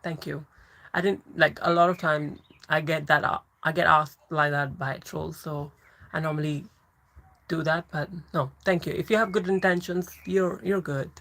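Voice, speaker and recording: A woman's voice: low-pitched, fairly even intonation, moderate pace, a bit bright, rough recording. A woman hosting a casual livestream, chatting and laughing as she answers viewer comments. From England. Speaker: livestream host.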